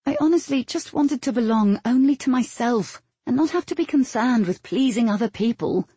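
A woman's voice: a little high, lively intonation, moderate pace, mellow, breathy edge, no echo. A woman narrating a first-person novel in a reflective, introspective way. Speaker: audiobook narrator.

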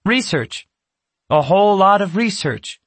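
A man's voice: animated, measured pace, dry recording, exaggerated voice. A man voicing a nervous young girl in a storybook reading, speaking in a raised, flustered voice. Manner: breathless and flustered, higher and louder.

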